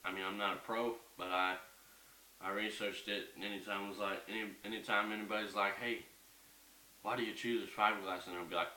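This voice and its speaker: A man's voice: on the low side, steady tone, fairly quick, sharp tone. A young man ranting in a casual home vlog, heated and profane, rambling as he goes. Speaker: vlogger. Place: bedroom at home. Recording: echoey room, mic at a distance, faint hiss.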